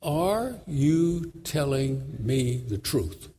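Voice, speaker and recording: A man voicing a young tribal man who asks slow, pleading questions in grief. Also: mid-range voice, lively intonation, warm tone, husky, voice pushed down, full character voice. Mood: questioning.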